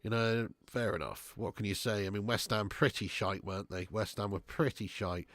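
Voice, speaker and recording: A man's voice: fairly low pitch, moderate pace, fairly bright tone, no room sound. A man hosting a casual live watch-along stream, bantering with chat, reading out super chats and swearing freely.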